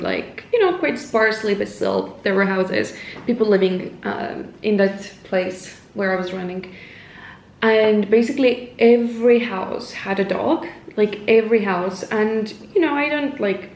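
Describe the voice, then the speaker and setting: A woman from Estonia vlogging at home, her voice at a middle pitch. She talks in a loose, rambling way, full of "like" and false starts, and often drops to a soft, hushed tone. The room around her gives a roomy echo. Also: vocal fry, a little hiss or hum. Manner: rambling, filler-heavy, with frequent "like" and restarts. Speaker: lifestyle vlogger. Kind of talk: casual chat to camera. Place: at home indoors, with her cat nearby.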